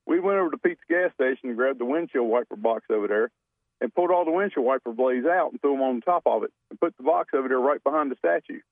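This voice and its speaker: A man's voice: mid-range voice, lively intonation, dry recording. Man telling stories over a tinny phone line. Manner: folksy, drawn-out, rambling anecdotes. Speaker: radio show caller. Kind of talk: storytelling on a call-in show.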